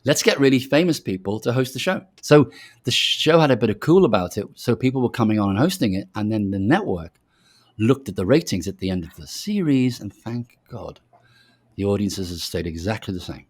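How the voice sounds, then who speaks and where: A man in his sixties who grew up in Liverpool, speaking with a softened Liverpool accent as he reflects on his career and tells stories. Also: fairly low pitch, expressive, brisk. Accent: softened Liverpool English. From Liverpool, England. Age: 60s. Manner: reflective storyteller, acts out quoted voices. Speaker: executive producer guest. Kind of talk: casual interview.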